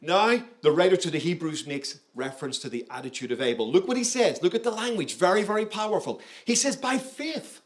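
A man preaching with a voice pitched a little above the usual male range. He is emphatic, leans into key words and keeps turning to his listeners with questions to pull them along through the sermon. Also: expressive, quick pace, few pauses. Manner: emphatic, engaging, asks the audience questions. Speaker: pastor.

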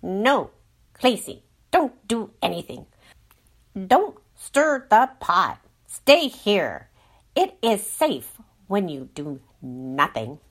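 A firm, insistent voice of a controlling inner mind, as a woman puts it on. It speaks a little louder than her narration and warns against stirring anything up in a spoken story. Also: medium pitch, very animated, extremely slow, full character voice. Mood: warning.

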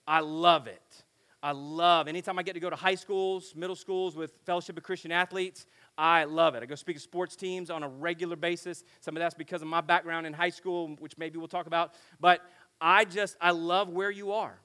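A middle-aged man preaching to teenagers at a camp in a lively, joking way, acting out talks with his kids. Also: a little high, normal speed. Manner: animated, joking, acts out family dialogue. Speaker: pastor speaking at a youth camp. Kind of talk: energetic sermon to teenagers.

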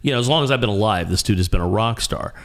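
A man with a fairly low voice recounts a story in a loose, casual way. He talks with lots of energy, often stumbling over words and starting his sentences again. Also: quick pace. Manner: animated, with frequent restarts and repeated words. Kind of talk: casual anecdote telling.

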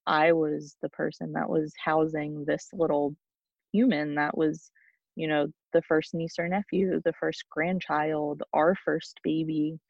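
A young woman shares a painful personal story as a podcast guest, her voice gravelly and held to a narrow, even pitch. She speaks haltingly and often restarts her sentences. The recording sounds dull and lo-fi, with a dry, close sound. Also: no echo.

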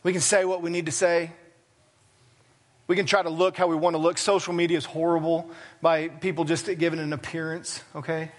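A man's voice: on the high side, little pitch movement, a little fast. A man preaching a sermon as pastor, talking plainly and conversationally with self-deprecating asides. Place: church sanctuary.

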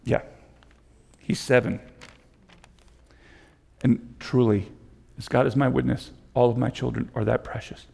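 A man's voice: mid-range voice, steady tone, measured pace, gravelly, pauses often, darkish tone, breathy edge. A middle-aged man preaching a sermon as pastor, conversational and repetitive, building to impassioned pleas. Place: church sanctuary. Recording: long hall reverb.

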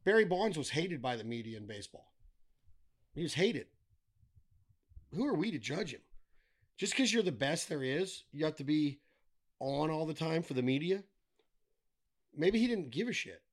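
A man's voice: on the high side, big pitch swings, moderate pace, long pauses. Blunt, ranting podcast guest man. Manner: blunt, swearing, ranting with wry humor. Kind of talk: casual chat.

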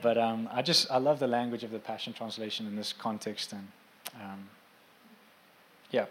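A man's voice: lowish voice, little pitch movement, moderate pace, fairly bright tone, slight background noise. A man preaching a sermon in a casual, conversational way, with asides to his congregation, who turns emphatic when he drives a point home.

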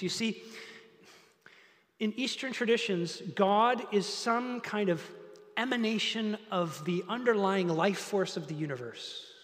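High-voiced preacher in a reverberant hall. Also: male voice, measured pace. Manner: animated, building to loud emphatic peaks. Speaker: pastor. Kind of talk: sermon. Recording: long reverb of a large hall.

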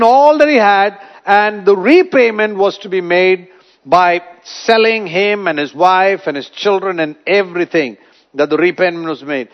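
A man preaching a sermon, retelling a parable with dramatic storytelling and wide swings in loudness. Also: high-pitched. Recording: dull lo-fi recording.

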